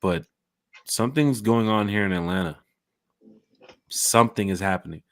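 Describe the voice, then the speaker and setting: A man hosting a casual fan podcast from home, talking into his own mic and camera. He tells stories with animated, sing-song swings in pitch and jumps into high voices for the people he quotes. The sound is dry and close, with no room around it. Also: moderate pace, no echo. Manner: animated storyteller acting out quotes. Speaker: podcast host.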